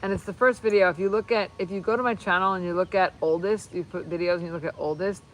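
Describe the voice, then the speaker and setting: Woman rambling on a phone livestream, gets all excited, keeps cutting herself off, bit of faint noise behind. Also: lowish voice, fast talker, poor audio. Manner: rambling, excitable, self-interrupting. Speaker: channel host. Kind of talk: casual livestream chat while crafting.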